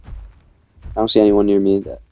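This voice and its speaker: Low, mellow-voiced young man recapping gameplay. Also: monotone, measured pace, smooth, no echo, highs cut off. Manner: rambling storytelling, acts out quoted lines. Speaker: gamer narrating his own gameplay. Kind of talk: casual gameplay commentary.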